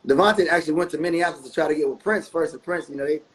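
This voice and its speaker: Man, middle-aged, laid-back storyteller, laughs a lot, slightly high voice. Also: racing, a crowd in the background, rough recording. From North Carolina. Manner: laid-back, laughs often, repeats phrases. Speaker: guest musician. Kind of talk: casual interview storytelling.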